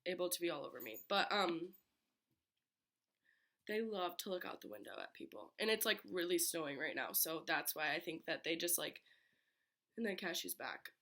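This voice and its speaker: A young woman from Michigan, raspy from being sick, chatting casually on her bedroom floor into a laptop. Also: fairly low pitch, lively intonation, moderate pace, pushed and bright. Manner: chatty, many filler "like"s. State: getting over being sick. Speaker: vlogger. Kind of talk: casual chat.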